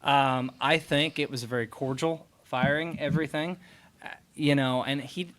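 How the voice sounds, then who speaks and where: A man co-hosting a casual sports podcast, animated and chatty with lots of fillers. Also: mid-range voice, moderate pace. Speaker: podcast co-host.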